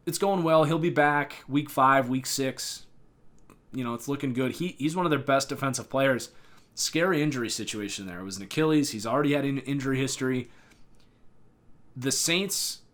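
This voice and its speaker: Male podcast host, casual and opinionated, mid-pitched, talks loosely with fillers and restarts. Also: fairly bright tone. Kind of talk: solo football analysis podcast.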